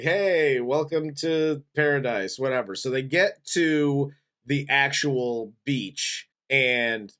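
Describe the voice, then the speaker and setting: A man's voice: mid-range voice, a bit bright. A man co-hosting a casual movie review, laid-back, recapping the plot and laughing easily. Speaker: film review podcast co-host.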